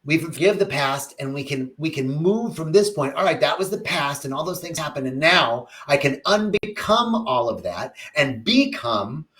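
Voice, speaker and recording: A man giving a spiritual talk on a livestream, answering viewer comments in a reflective, animated storytelling way with big swings in tone. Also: on the high side, moderate pace, few pauses. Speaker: spiritual teacher.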